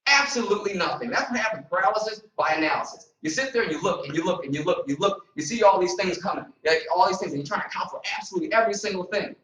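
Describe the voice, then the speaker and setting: Man, motivational trainer, high voice, energetic, repetitive, preacher-like, echoey room, far from mic. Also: very fast, few pauses. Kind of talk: motivational seminar talk. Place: meeting room in front of a group.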